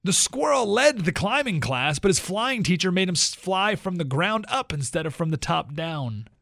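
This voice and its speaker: Male radio host, storytelling, fairly high voice, very lively pitch, dry close sound. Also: gravelly, no echo. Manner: animated storytelling with quick asides. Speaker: radio talk show host. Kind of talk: talk radio, reading a story aloud.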